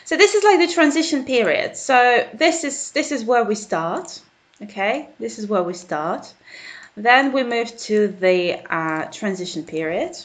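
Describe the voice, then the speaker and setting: A woman's voice: a little high, lively intonation, a little slow. British woman teaching english grammar online, chatty, keeps asking okay? while typing away. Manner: chatty, checks in with "okay?" and "guys".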